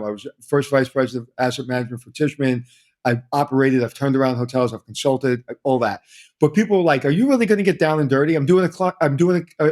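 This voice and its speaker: A middle-aged man, a hotel consultant telling stories energetically in an interview, repeating himself as he talks. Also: fairly high pitch. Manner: energetic storyteller, repeats himself, quotes others. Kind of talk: conversational interview.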